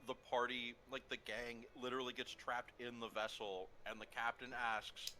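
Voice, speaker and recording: Bright-voiced man chatting casually. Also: medium pitch, flat delivery, moderate pace, few pauses, slight background noise. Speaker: player. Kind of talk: casual chat before a tabletop game.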